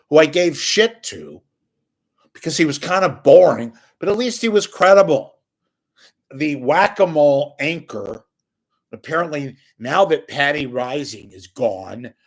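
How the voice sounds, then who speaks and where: An older man giving a sarcastic, scornful solo rant as a media commentator, swearing freely. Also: mid-range voice.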